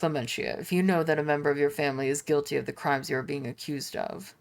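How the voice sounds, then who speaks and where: A woman's voice: low voice, steady tone, fast talker, gravelly, pitched below the performer's own voice. A woman voicing a stern older male noble seneschal in a game, grave and reproachful.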